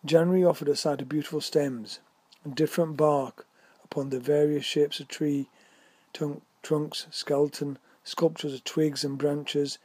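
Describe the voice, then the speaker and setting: A man reads a whimsical story aloud at a measured pace. His voice is mellow and dark with a husky edge. The recording is close and dry. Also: on the high side, little pitch movement, no echo. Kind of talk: scripted story narration.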